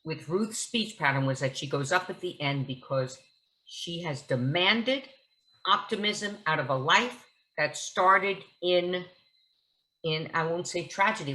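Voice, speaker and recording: A woman's voice: low voice, sharp tone, low-quality recording. A woman actress as a guest at a book talk, telling stories in a vivid, theatrical way. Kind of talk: onstage conversation at a book talk.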